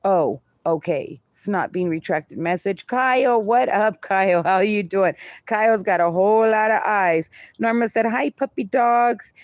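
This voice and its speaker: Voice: mid-range voice, a little slow, dry recording. A livestreamer in casual chat who reads viewer comments aloud and laughs often.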